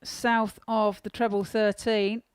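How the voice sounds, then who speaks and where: A woman with a mid-pitched voice gives friendly, teasing analysis of each darts leg. Her voice is recorded dry and close to the mic. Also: flat delivery, takes it slowly, clear, resonant tone, no room sound. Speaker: darts co-commentator. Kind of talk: sports commentary.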